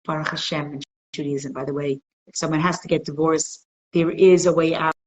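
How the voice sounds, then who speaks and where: A woman's voice: deep voice, a little fast, rough recording. A woman teaching an interactive religious class, telling stories and asking her listeners questions. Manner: animated storyteller, asks the class questions. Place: community centre classroom.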